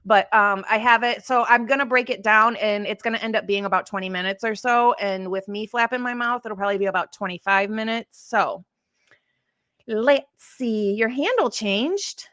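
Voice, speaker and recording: A woman's voice: fairly high pitch, normal speed, a bit bright, no room sound, clean studio sound. Chatty woman hosting a livestream. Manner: rambling, chatty, answers live chat comments. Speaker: true crime livestream host. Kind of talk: casual livestream chat. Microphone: streaming setup.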